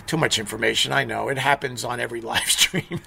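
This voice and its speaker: Rambling middle-aged man, bright voice. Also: medium pitch, lively intonation, moderate pace, vocal fry, slight background noise. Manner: rambling, sarcastic, blunt. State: stuffy from allergies. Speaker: live stream host. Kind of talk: casual live stream rant.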